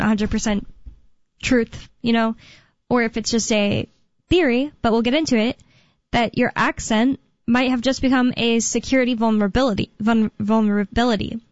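Young woman hosting talk radio, kinda high voice, rambles with lots of likes and ums, dry dull lo-fi sound. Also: no room sound. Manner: rambling, filler-heavy, quick asides. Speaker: radio show host. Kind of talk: casual talk radio chat.

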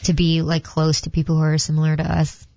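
A woman co-hosting a talk radio show, making calm, brief remarks of agreement. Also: deep voice, brisk, vocal fry, no room sound, highs cut off. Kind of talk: casual talk radio chat.

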